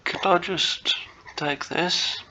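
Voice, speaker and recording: A man's voice: sits high, fairly even intonation, slow, bright, forceful tone, rough recording. A man giving casual think-aloud commentary while solving puzzles, muttering to himself, hesitant and self-correcting. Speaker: chess content creator.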